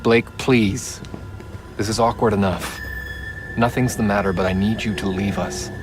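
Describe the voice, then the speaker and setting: An actor playing a soft-spoken, controlling male priest in a video game, coaxing and quietly menacing. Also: on the low side, steady tone, a little slow, over music, natural voice. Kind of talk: video game cutscene acting.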